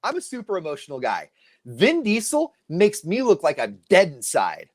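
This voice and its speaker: Man, co-host, lively pitch, slightly high voice, casual banter. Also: normal speed. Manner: animated, jokey, mimics people mid-story. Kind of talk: casual chat.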